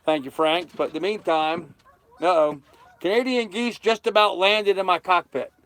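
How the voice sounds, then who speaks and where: A man's voice: sits high, moderate pace, a bit bright, dry recording. A man in his thirties hosting a casual livestream from his sailboat, chatting and thanking viewers by name. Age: 30s. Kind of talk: casual livestream chat reading comments. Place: on a sailboat cockpit.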